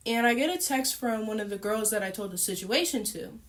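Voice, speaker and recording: A young woman chatting casually as she tells a personal story to her viewers, animated and full of fillers. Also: on the high side, brisk. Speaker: storytime YouTuber.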